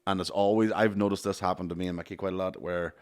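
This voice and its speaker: A man hosting a podcast in casual, rapid chat, swearing and laughing often. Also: low voice, steady tone, a little mellow, smooth. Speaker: podcast host.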